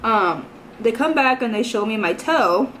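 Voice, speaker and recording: A woman's voice: a little high, animated, a little slow, a bit bright. Young woman vlogging, chatty storytime, says like a lot, bit of faint noise behind. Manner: chatty, rambling, heavy use of "like" and "you know". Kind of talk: casual storytime vlog.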